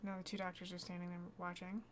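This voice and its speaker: A woman's voice: fairly low pitch, completely flat delivery, fast talker, slight background noise. Woman streamer reading a game aloud.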